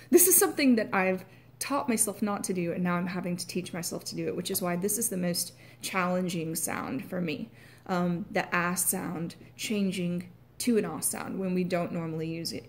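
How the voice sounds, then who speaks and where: Southern American woman, actor talking through her accent practice, halting, lots of ums, faint background noise. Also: mid-range voice, a little mellow. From United States. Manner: hesitant, many filler sounds, clears throat. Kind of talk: casual explanatory talk.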